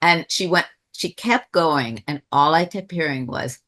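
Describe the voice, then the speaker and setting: A woman's voice: deep voice, unhurried, bright, forceful tone. A woman telling a personal spiritual story on a webinar, in a reflective, rambling way, often restarting her sentences. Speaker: webinar speaker. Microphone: video call.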